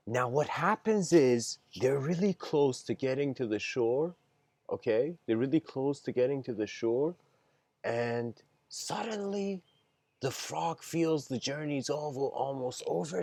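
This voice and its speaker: A man's voice: medium pitch, a little mellow, dry recording. A man giving a casual livestreamed lecture, meandering and hesitant with slangy phrasing.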